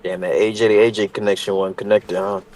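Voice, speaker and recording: Laid-back low-voiced podcast man. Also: level tone, quick pace, darkish tone, poor audio. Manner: laid-back, slangy, profane. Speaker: podcast co-host. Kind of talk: casual chat.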